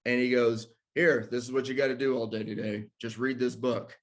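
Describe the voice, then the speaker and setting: A man's voice: mid-range voice, fairly quick. A man casually telling a personal story, acting out what people said and laughing between lines. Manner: animated storyteller who acts out quotes and laughs between lines. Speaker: ministry discussion guest telling a personal story.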